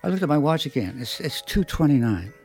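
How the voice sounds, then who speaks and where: A man telling an anecdote in a halting way, with many fillers and restarts. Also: on the high side, sing-song, a little mellow, faint music behind. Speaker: storyteller, speaker. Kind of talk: anecdotal storytelling.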